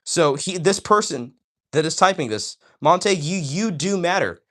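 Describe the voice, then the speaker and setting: A man's voice: on the high side, animated, normal speed, sharp tone. A man hosting a casual livestream, talking straight to his viewers in an enthusiastic, preachy way and often asking "all right?". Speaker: livestream host. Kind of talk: casual livestream chat, reading chat aloud.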